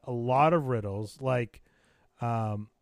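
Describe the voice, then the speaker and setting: A man's voice: mid-range voice, slow pace, gravelly, dry recording, studio quality. A man hosting a casual podcast, joking and laughing often as he chats with a guest. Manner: jokey, laughs often, lively banter. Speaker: podcast host; teacher.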